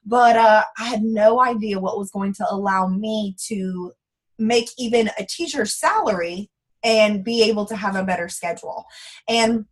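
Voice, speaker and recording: A woman's voice: medium pitch, moderate pace. A woman in her late twenties with a Texan accent, telling her own story to a group in a chatty, folksy way. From Central Texas. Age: 20s. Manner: chatty, folksy, uses y'all. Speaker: speaker at a training event. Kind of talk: personal story talk.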